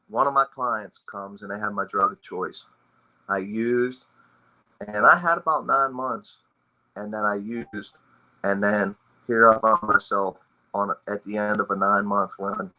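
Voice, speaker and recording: Blunt, bright-voiced veteran telling his recovery story. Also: fairly low pitch, poor audio. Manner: raw, blunt and emotional, with frequent swearing. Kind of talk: personal recovery testimony.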